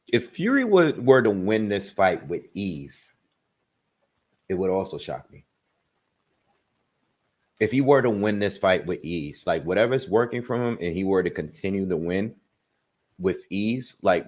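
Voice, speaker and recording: Low-voiced man hosting a casual livestream. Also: expressive, a little mellow. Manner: rattles off viewers' locations in quick bursts; thinks aloud with restarts when giving his predictions. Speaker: boxing livestream host. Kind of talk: casual livestream chat, reading viewer comments.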